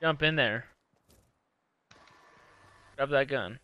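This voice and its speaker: A man giving casual, excitable commentary while coaching his girlfriend through a video game. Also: mid-range voice, drawn-out words, dull audio. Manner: bossy, excitable coaching, swears. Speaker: gaming channel host.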